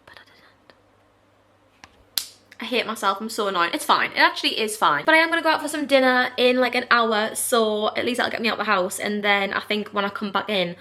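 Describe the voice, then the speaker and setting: A woman's voice: a little high, a little fast. Chatty young woman vlogging on the go. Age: 20s. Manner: chatty, animated storytelling with laughs. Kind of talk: casual vlog chat. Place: out and about, shops and street.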